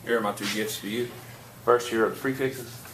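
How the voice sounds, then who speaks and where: A man, teaching a class and telling a lively story, laughing as he goes. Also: medium pitch, fairly quick. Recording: echoey classroom from far off, noisy.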